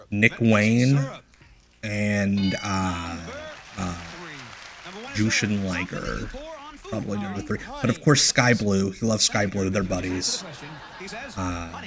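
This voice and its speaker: A man's voice: fairly low pitch, slow pace, long pauses, crowd noise. A man hosting a live stream, chatting casually and joking about old wrestling footage, with rambling asides and restarts. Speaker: stream host riffing on old wrestling shows. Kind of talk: casual commentary chat.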